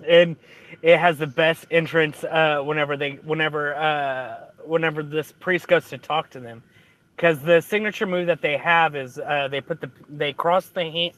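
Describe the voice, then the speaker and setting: A man's voice: fairly high pitch, normal speed, fairly bright tone. A man telling a movie plot in casual chat, rambling through fillers and restarts.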